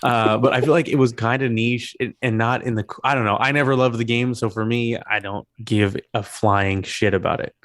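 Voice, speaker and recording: A man's voice: mid-range voice, normal speed, few pauses, no room sound. Dry-miked man joking on a podcast. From Mexican. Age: late 20s. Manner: joking, profane, animated. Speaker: podcast co-host. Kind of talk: casual chat.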